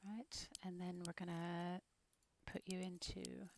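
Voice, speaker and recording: A British woman streaming as she works on an animated scene, muttering to herself and often dropping into a whisper. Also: lowish voice, slow pace, noisy background. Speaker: streamer making an animated game-character video. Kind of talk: casual narration while working.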